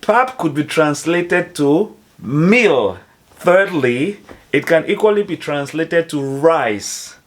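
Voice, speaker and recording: A man explaining phrases to foreigners in a slow, careful teaching manner, spelling out each example. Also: on the high side, animated. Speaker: language teacher.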